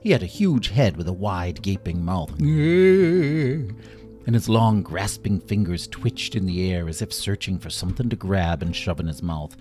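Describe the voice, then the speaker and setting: A man narrating a children's story in an animated way, acting out every character himself. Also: low-pitched, normal speed, hardly any pauses, faint music behind.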